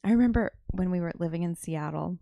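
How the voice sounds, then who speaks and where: Woman, podcast co-host, slightly low voice, vocal fry, blunt wry casual chat. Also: fast, dark tone, no room sound, studio quality. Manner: blunt, wry, swears freely.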